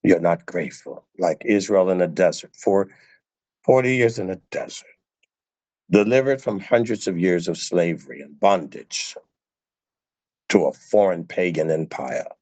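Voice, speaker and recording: A man's voice: low-pitched, lively intonation, a little slow, a little mellow, no echo. A male preacher giving a sermon, emphatic and repeating phrases for stress.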